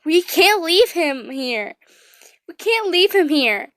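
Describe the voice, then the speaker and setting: A woman's voice: very high voice, big pitch swings, slow pace, a bit bright, dry recording, clean studio sound, voice pushed up, exaggerated voice. A woman reading aloud, putting on a distraught young woman who pleads in a rising voice. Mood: pleading.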